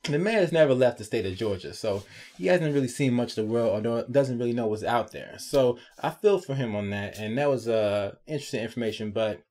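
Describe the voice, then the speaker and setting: Recapping and reviewing a TV episode, this medium-pitched man keeps things casual and lively, tossing in sarcastic asides and frequent tag questions aimed at the viewer.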